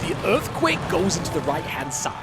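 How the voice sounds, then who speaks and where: A man doing a slow, dramatic announcer impression during live game commentary. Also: fairly high pitch, huge pitch swings. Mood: grandiose. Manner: measured, dramatic delivery. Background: music.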